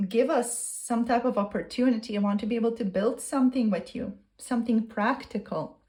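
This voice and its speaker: A woman's voice: mid-range voice, a little mellow. Earnest woman channeling a tarot message. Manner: earnest, repetitive, gushing. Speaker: tarot reader.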